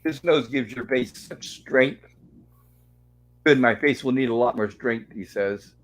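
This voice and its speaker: A man's voice: mid-range voice, measured pace, rough recording. A man hosting a casual online show, recapping an old sitcom episode and reading the characters' lines aloud in a chatty storytelling way. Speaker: host.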